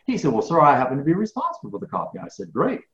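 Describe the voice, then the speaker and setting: A man who is a professional speaker, telling a lively story in a podcast interview and acting out the dialogue. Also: on the high side, rapid-fire. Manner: animated, acts out dialogue. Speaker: guest speaker. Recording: roomy, dull lo-fi sound.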